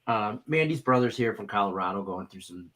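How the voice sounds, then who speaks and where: A man's voice: lowish voice, fairly quick. A man co-hosting a sports betting talk show, telling rambling, jokey stories in casual chat. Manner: rambling, jokey, animated storytelling.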